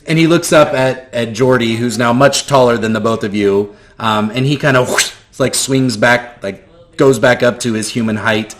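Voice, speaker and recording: A male game master describes the scene in a relaxed, rambling way. He pads his narration with "um" and "like" as he goes, talking casually to his players. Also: mid-range voice, normal speed. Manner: loose, filler-heavy narration.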